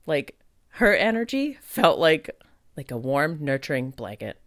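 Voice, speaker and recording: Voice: mid-range voice, big pitch swings, measured pace, a bit bright, no room sound, clean studio sound. An adult podcast host and psychic medium in a casual monologue, chatty and full of fillers, acting out their own past thoughts.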